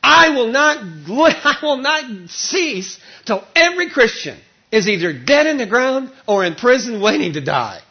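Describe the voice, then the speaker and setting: A man's voice: very high-pitched, big pitch swings, unhurried, lo-fi sound, full character voice. A man voicing a vengeful, zealous young persecutor who makes threatening, boastful declarations. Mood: menacing.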